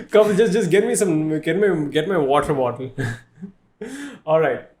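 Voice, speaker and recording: A man in his thirties from India with an Indian English accent, hosting a casual podcast chat, animated and joking, laughing often. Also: high-pitched, slow pace, a little hiss or hum. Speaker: podcast host, art teacher.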